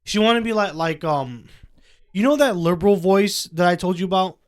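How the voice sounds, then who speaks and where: Rambling young man, smooth higher voice. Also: a little fast. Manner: rambling with many fillers and restarts. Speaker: podcast co-host. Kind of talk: casual chat.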